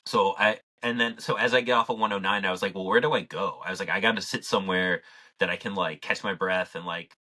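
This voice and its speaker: A man with a deep voice and a bright, forceful edge to it. He tells his story on a podcast in loose, rambling casual chat, dropping "like" everywhere and swearing freely. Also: fairly even intonation, fast. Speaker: podcast co-host.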